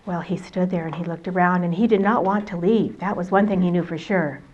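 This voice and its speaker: A woman storyteller telling a tale aloud in an expressive, conversational way. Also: fairly low pitch, a little fast. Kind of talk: oral storytelling performance. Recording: dull lo-fi recording.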